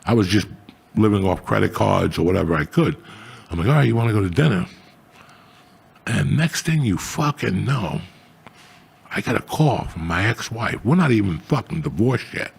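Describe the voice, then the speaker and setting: Older man, raspy and gravelly, lively swearing storyteller on a talk show. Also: lowish voice, normal speed. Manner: swearing, animated, rising to loud outbursts. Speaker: comedian, show guest. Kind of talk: profane storytelling chat.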